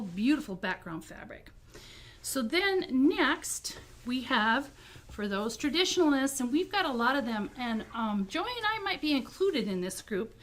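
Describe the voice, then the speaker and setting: Chatty quilt shop woman, higher voice. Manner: chatty, enthusiastic, frequent ums, repeats words like beautiful. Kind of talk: casual product presentation.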